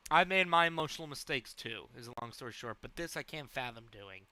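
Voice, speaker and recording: A man's voice: medium pitch, expressive, brisk, pushed and bright, no room sound. A man hosting a live stream, reacting to a clip with rambling, profane commentary. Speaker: streamer host.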